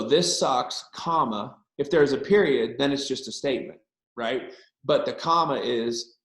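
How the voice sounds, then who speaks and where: A man's voice: mid-range voice, roomy sound, rough recording. A middle-aged man speaking as a guest pastor to students, earnest and frank, repeating points for emphasis. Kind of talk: casual encouraging talk and prayer.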